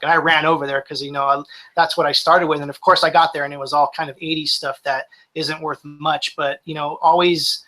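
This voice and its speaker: A man's voice: fairly high pitch, fairly even intonation, a little fast, fairly bright tone, low-quality recording. A man in his forties, a reseller guest talking casually in a live-streamed interview, rambling with restarts.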